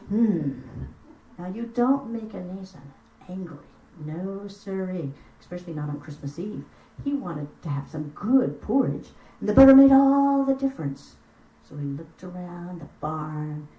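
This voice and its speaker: Lively woman storyteller, roomy and distant. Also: lowish voice. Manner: expressive, lively, chats with the audience. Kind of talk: live storytelling performance. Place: room at a house concert. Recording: roomy sound from far off.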